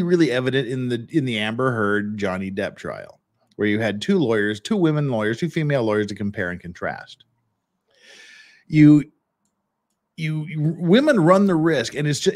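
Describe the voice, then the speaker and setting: A man hosting a podcast who talks through trial footage in a blunt, opinionated way, often restarting his sentences. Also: medium pitch. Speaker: podcast host. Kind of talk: casual commentary on trial footage.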